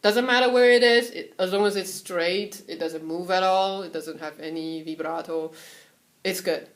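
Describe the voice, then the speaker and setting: A young woman from Taiwan giving a casual, chatty lesson on Mandarin tones at home, sometimes singing syllables to show the pitches. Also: moderate pace. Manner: relaxed, chatty, breaks off to soothe her cat; sings syllables and solfege to demonstrate tones. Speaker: Mandarin tone teacher.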